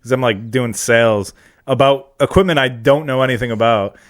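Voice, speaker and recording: A man's voice: mid-range voice, a little fast. A young man chatting casually on a podcast, joking, laughing often and swearing casually. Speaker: podcast co-host. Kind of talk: casual chat.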